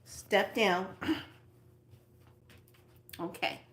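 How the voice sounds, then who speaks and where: A woman speaks to her viewers in an unhurried spiritual self-help talk. Her voice sits at a middle pitch, and she often sinks into a soft whisper before coming back up. She moves at a slow, deliberate pace. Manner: slow, drifting between soft whispers and lively acted asides.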